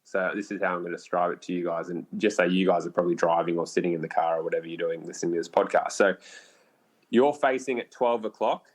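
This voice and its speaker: A man with an Australian accent, a podcast guest telling a bowhunting story in a lively, casual way, swearing freely and using lots of fillers. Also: low voice, quick pace.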